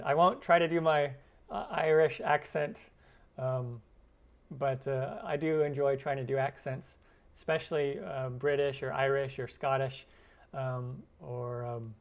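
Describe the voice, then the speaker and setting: A man's voice: medium pitch, fairly even intonation, unhurried. A man hosting a cooking channel's live stream Q&A, chatting loosely with viewers and using many fillers. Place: lives in Arizona.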